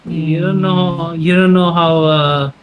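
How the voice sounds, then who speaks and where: A man's voice: on the high side, steady tone, slow pace, lo-fi sound, crowd noise. A young man chatting on a podcast, hesitant and full of fillers and questions. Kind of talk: casual chat.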